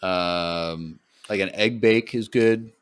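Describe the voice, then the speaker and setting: Chatty co-host: a man with a smooth, clean voice who fills the gaps with loose, self-deprecating talk. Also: low voice, takes it slowly, no echo. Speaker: podcast co-host. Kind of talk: casual podcast chat.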